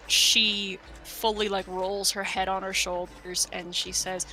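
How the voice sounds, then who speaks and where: Woman game master, slow and bright, halting narration, soft music under it. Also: medium pitch, level tone. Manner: hesitant, many fillers, laughing.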